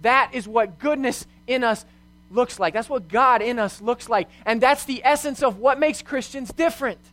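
A young youth pastor with a markedly high, fairly bright voice preaches at a moderate pace. His sermon is earnest, mixing personal anecdotes and rhetorical questions into the teaching.

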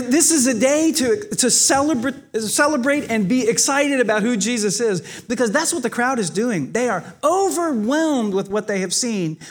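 A pastor preaching a sermon, telling the stories vividly and speaking directly to his congregation. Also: extremely high pitch. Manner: animated, expressive storytelling with acted quotes.

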